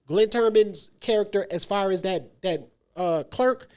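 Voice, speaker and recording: A man's voice: high voice, measured pace. A man co-hosting a casual movie review chat, talking emphatically and acting out little quotes. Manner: animated, emphatic, lots of "yo" and acted-out quotes. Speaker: podcast co-host.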